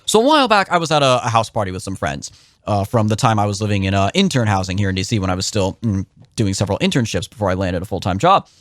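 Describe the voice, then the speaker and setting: A young man talking quickly on a political podcast, his pitch leaping up and down as he drives home opinions. The sound is dry and close, with no room around him. He slips into the voices of people he quotes. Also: no room sound. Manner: animated, opinionated, swings pitch sharply for emphasis. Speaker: podcast co-host. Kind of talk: casual political podcast chat.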